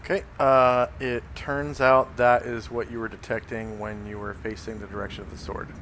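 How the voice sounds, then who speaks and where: A man's voice: medium pitch, little pitch movement, moderate pace, fairly bright tone, a little hiss or hum. A man running a tabletop game as game master, speaking hesitantly with many fillers.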